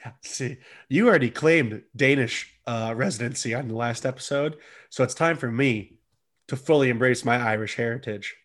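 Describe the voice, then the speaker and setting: A man's voice: mid-range voice, normal speed, fairly bright tone. Joking man chatting on a podcast. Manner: joking, laughs often. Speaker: podcast co-host. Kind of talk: casual chat.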